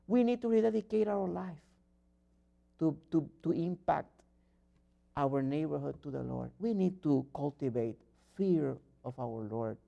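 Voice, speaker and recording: Man, preacher, earnest sermon, restarts, builds to loud fervor. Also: on the high side, animated, a little slow, creaky, lo-fi sound. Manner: earnest, rising to loud fervent exhortation; non-native phrasing and frequent restarts.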